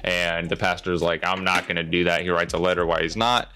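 A man's voice: low-pitched, little pitch movement, brisk, pushed and bright. A man co-hosting a podcast, recapping a film in casual chat with many hesitant fillers. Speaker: podcast co-host.

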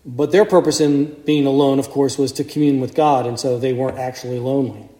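A male priest preaching a sermon, telling the story with lively acted-out voices. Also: mid-range voice, brisk, echoey room. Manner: animated storytelling, acts out crowd voices. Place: church.

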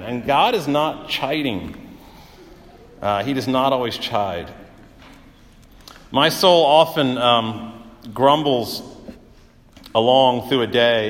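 A man's voice: medium pitch, a little slow, fairly bright tone. Man preaching in a reverberant hall. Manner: conversational preaching with frequent uh fillers and vivid everyday examples. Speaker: pastor. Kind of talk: sermon.

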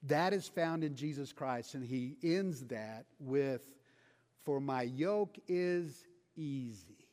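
A man preaching a sermon, earnest and unhurried, his voice dropping soft and low when he quotes scripture. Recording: long reverb of a large hall.

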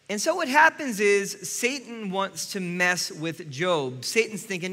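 Male pastor, earnest sermon, bright tense tone, long hall reverb. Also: high-pitched, animated, moderate pace, hardly any pauses. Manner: earnest, addresses listeners directly.

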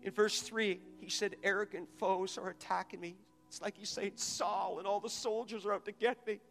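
A male pastor delivers a sermon in a high, bright voice, pressing his congregation to answer him aloud. His words ring out with a long echo across a large auditorium. He rises in fervor as he speaks. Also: level tone, moderate pace, creaky, faint music behind. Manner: preaching with rising intensity, calling on the audience.

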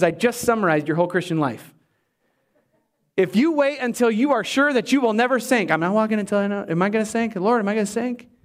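Male pastor, higher-pitched voice, lively preaching style that plays out the scenes. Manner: animated preaching, voices Bible characters. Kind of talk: sermon.

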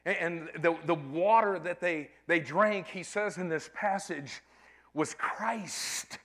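A man's voice: high-pitched, takes it slowly, a bit bright. A man preaching a sermon, emphatic, often calling out to his congregation.

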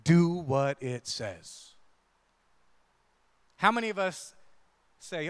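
A man's voice: a little high, animated, takes it slowly, long pauses, fairly bright tone, big-room sound. A man preaching a conversational sermon, often checking in with the congregation. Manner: conversational, asks the crowd "right?" often. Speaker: pastor.

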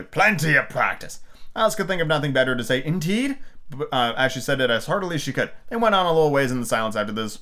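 A man's voice: fairly low pitch, a bit bright. A man casually reading a book aloud as a podcast host, with fillers, slips and crude asides.

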